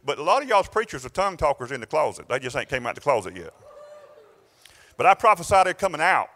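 High, bright Southern preacher man. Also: quick pace. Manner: animated storytelling preacher, swings between exclamations and quiet asides. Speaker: pastor. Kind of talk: sermon. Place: church.

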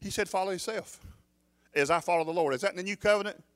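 A man's voice: high voice, quick pace, a bit bright. A man preaching a sermon as pastor, emphatic, often putting questions to the congregation.

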